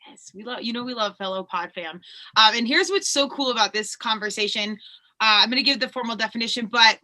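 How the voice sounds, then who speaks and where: A woman from Colorado hosting a podcast, chatting in a bubbly, animated way and laughing easily. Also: a little high, a little fast. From Colorado, USA. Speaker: podcast host. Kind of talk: casual podcast conversation.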